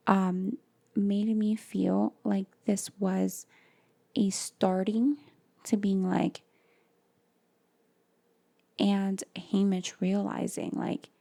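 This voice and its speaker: A woman's voice: mid-range voice, level tone, drawn-out words, vocal fry, pauses often, warm tone. A woman co-hosting a casual book podcast, talking thoughtfully, searching for words and slipping into Spanish. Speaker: podcast co-host.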